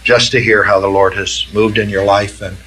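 A man's voice: on the low side, flat delivery, normal speed, fairly bright tone, soft background music, low-quality recording. A man preaching as pastor, emphatic and repeating key phrases as he quotes scripture. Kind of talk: sermon.

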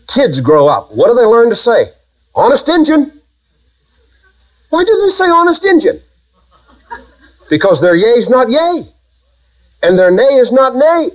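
A man's voice: high voice, low-quality recording. A man preaching a sermon, emphatic and full of rhetorical questions to his congregation.

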